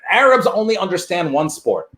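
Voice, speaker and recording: A man with a high voice tells a stand-up set over a video call. He performs animated stories and slips into impressions of his father. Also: moderate pace. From United States. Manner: animated storytelling, mimics his immigrant father. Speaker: comedian. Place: virtual event, video call.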